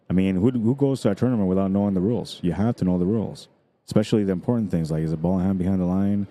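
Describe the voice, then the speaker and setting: Brief: male stream commentator, deep mellow voice, dry throat, rambling casual chatter. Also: rapid-fire. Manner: rambling, chatty, many fillers.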